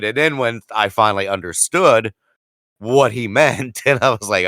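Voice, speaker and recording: Bright-voiced man telling a profane story. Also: normal speed, dry recording, clean studio sound. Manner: profane, self-mocking, acts out quotes with rising pitch. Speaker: podcast co-host. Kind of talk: casual storytelling.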